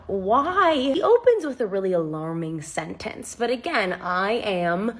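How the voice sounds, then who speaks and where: A woman's voice: mid-range voice, a little slow, few pauses, husky. A young woman animatedly telling a funny, jokey personal story in a casual storytime style. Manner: animated, jokey, swears freely.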